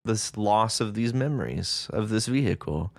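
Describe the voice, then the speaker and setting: A man's voice: lowish voice, lively intonation, dry recording, clean studio sound. A man co-hosting a writing podcast, chatting casually and often restarting his sentences. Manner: chatty, halting, many restarts. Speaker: podcast co-host. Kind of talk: casual chat.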